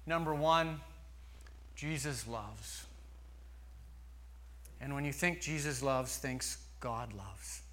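A man preaching a sermon slowly and earnestly, with long pauses. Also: medium pitch, a bit bright. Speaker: pastor.

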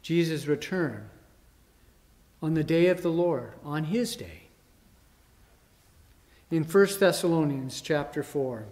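Male preacher, emphatic, slightly higher voice, recorded in a reverberant church hall. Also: darkish tone. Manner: rising emphasis, dramatic quoted mockery. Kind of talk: sermon.

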